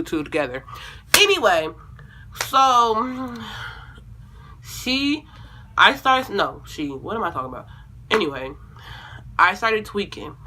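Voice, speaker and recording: A woman's voice: medium pitch, pushed and bright. A young woman telling a storytime video at home in a casual, rambling way, correcting herself and swearing freely. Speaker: vlogger.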